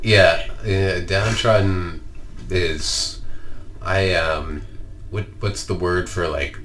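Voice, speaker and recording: A man's voice: low voice, fairly even intonation, extremely slow, fairly bright tone. A man co-hosting a podcast, telling a rambling story with lots of swearing and fillers. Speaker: podcast co-host. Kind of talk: casual chat, storytelling.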